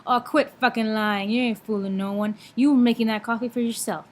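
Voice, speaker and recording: A woman's voice: a little high, fairly even intonation, a little fast, lightly acted. A woman mimicking a scornful, judgmental uncle in a mocking, dismissive tone.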